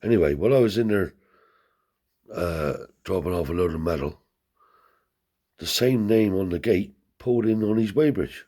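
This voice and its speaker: A man's voice: low-pitched, moderate pace, pauses often, warm tone. A man telling a rambling anecdote in casual, profane speech, lifting his voice to act out the people he quotes. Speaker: storyteller.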